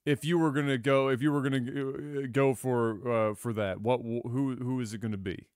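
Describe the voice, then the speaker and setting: A man co-hosting a podcast, speaking at a middle pitch with loose, profane energy. His voice sits on a dry, close mic with no room sound. He swings from mumbled pauses to loud, animated bursts. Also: dry recording. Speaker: podcast co-host. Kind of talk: casual crude banter.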